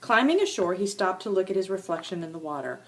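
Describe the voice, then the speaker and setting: An older woman reads a children's storybook aloud to her grandchildren. Her voice swoops up and down in a sing-song, animated way. A faint background noise sits under the reading. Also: on the low side, fast talker.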